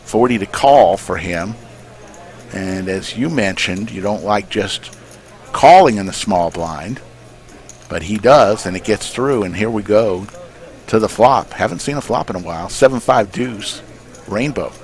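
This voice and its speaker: Low-voiced poker commentator, folksy. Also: male voice, animated, measured pace. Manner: folksy, joking. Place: poker club.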